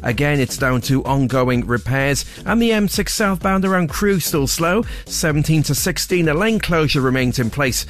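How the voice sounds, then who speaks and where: A man reading a radio traffic bulletin in a brisk, clipped style. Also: a little high, animated. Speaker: traffic reporter.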